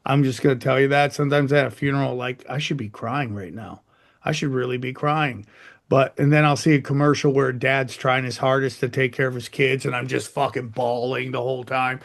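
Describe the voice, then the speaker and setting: A man's voice: mid-range voice, little pitch movement, fairly quick, gravelly. A man hosting a podcast, talking in a blunt, profane, rambling way. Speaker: podcast host. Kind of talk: casual chat.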